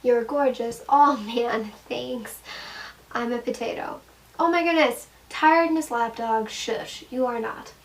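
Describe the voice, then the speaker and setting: A giggly young woman vlogger answers fan questions in a casual, chatty, self-deprecating way, speaking off-mic. Her voice is fairly high and slow, picked up by a distant mic with poor audio and faint room noise.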